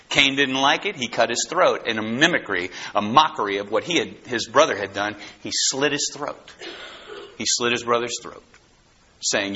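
A man preaching a fervent, excitable sermon who often bursts into shouts. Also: mid-range voice, normal speed, breathy edge, muffled recording.

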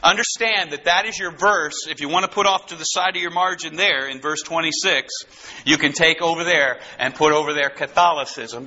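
A man preaching an expository sermon, emphatic and animated, repeating key phrases. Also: a little high, slightly rough. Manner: animated, emphatic repetition with rising bursts. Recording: dull lo-fi recording.

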